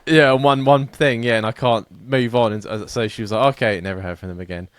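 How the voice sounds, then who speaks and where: A man's voice: medium pitch, steady tone, quick pace, no room sound. A man, a podcast co-host, telling rambling, self-deprecating stories in casual chat.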